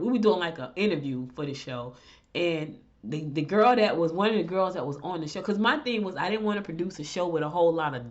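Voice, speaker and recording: A middle-aged woman with a blend of Southern and Northern US accent, hosting and telling stories in casual chat, animated and direct. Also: fairly low pitch. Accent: mix of Southern US and Northern US. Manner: animated storyteller, chatty and direct. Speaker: host. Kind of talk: casual chat and horoscope reading. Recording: dull lo-fi recording.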